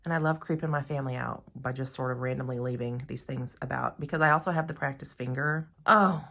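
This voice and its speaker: A woman chatting casually in her home nail salon, gushing excitedly as she unboxes nail art gear. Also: extremely low pitch, quick pace, creaky. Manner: excitable, gushing, often gasping and sighing.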